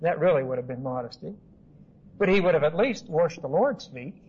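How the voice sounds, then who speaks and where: A man's voice: a little high, expressive, normal speed, darkish tone, slightly rough. A man teaching a Bible study in an emphatic, repetitive, conversational way. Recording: dull lo-fi recording.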